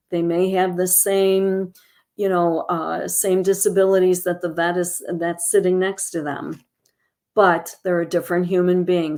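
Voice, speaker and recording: A woman presenting a calm educational talk on caregiving, modeling gentle phrases to use with loved ones. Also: lowish voice.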